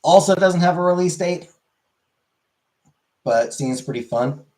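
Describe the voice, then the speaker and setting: A man's voice: a little high, measured pace, warm tone. Rambling casual man streamer. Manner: rambling, filler-heavy, answers chat. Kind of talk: casual chat.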